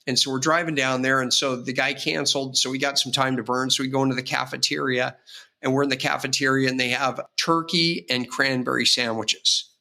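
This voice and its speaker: Man, gravelly voice, forceful tone, rambling storyteller, casual interview. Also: mid-range voice, steady tone, fairly quick. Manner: rambling, vivid anecdotes with frequent restarts. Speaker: real estate agent, podcast guest.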